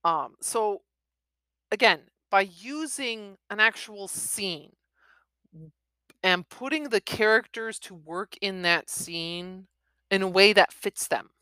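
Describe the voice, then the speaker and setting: Bright-voiced woman reading and critiquing. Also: mid-range voice, no echo. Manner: thoughtful, with many fillers. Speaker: reader and writing commentator. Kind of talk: reading a novel aloud with craft commentary.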